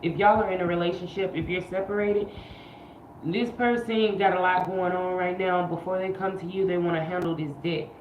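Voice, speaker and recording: A chatty woman with a fairly low voice runs a casual tarot livestream, full of slang and repeated phrases. Her voice bounces around an echoey room. The sound is a little muffled and lo-fi. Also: steady tone, normal speed, a little hiss or hum. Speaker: tarot reader.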